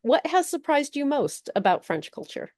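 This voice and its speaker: Woman podcast host, measured questions. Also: sits high, big pitch swings, a little mellow, no room sound, clean studio sound. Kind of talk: podcast interview.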